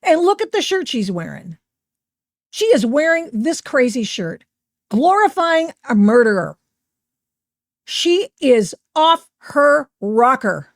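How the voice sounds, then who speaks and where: A woman's voice: sits high, takes it slowly, no room sound, clean studio sound. A middle-aged woman hosting a podcast, giving opinionated, sarcastic commentary over video clips. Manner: sarcastic, animated, mocking voices she quotes. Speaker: podcast host.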